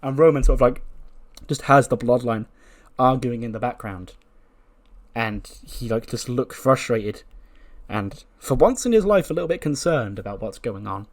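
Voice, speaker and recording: A man's voice: mid-range voice, normal speed. Man narrating a wrestling sim game. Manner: lively storytelling, acting out characters. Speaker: game commentator.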